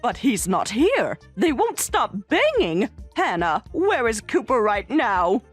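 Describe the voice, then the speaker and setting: A woman's voice: fairly high pitch, wildly swooping pitch, takes it slowly, slightly rough, soft background music, exaggerated voice. A woman voicing an entitled middle-aged mother who speaks in an indignant, insistent way, in a voiced story drama.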